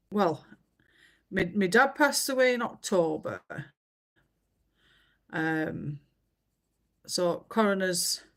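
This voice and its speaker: A woman, chatting casually on a livestream and telling stories with many fillers. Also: sits low. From England. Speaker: livestream host. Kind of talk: casual chat while colouring.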